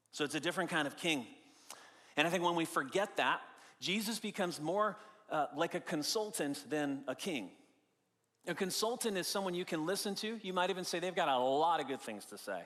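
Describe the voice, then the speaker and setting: A man's voice: on the high side, a bit bright, big-room sound. A male pastor preaching a sermon in a conversational, explaining way, stressing key phrases by repeating them. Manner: conversational, explaining with everyday examples. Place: church sanctuary.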